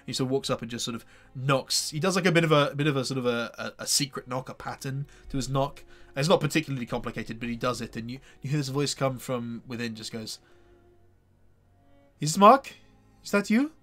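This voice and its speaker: A man's voice: mid-range voice, fairly even intonation, fast talker, a bit bright, soft background music. A man narrating a tabletop role-playing game as game master, hesitant and full of restarts.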